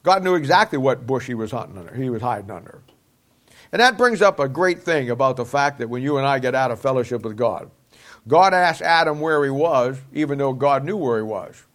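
A man's voice: mid-range voice, expressive, brisk, fairly bright tone. A man teaching a Bible lesson in a folksy, conversational preaching style, asking his listeners rhetorical questions.

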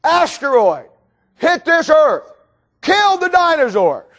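High-voiced shouting man preaching. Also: big pitch swings, takes it slowly. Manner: mocking, shouting preacher with sarcastic asides. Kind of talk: sermon.

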